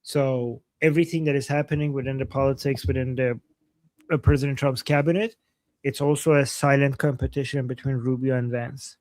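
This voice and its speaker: A man's voice: medium pitch, steady tone, a little fast, darkish tone, no room sound. A man co-hosting a casual livestream, giving blunt political opinions with frequent restarts. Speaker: political commentary co-host.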